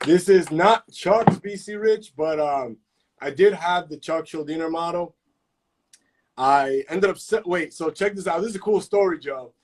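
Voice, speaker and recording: A man with a fairly high voice and a measured pace hosts a casual live-stream chat. He tells animated stories packed with heavy slang and constant swearing.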